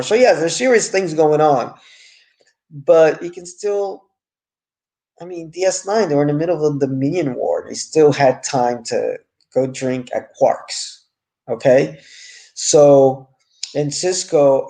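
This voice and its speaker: A man's voice: medium pitch, vocal fry, mellow. A man giving a casual, frank, rambling review of a TV series episode.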